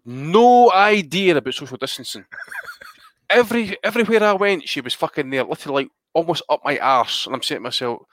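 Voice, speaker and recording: A man's voice: fairly high pitch, animated, a little fast, a bit bright, no room sound. Profane Scottish man telling rambling stories. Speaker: podcast co-host. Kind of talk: casual chat.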